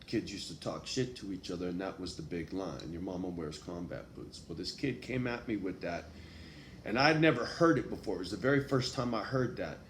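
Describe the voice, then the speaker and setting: A man's voice: low-pitched, expressive, brisk, a bit bright. A man telling a personal story in a casual, profane way, full of street slang and tag questions. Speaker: vlogger. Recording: echoey room with faint background noise.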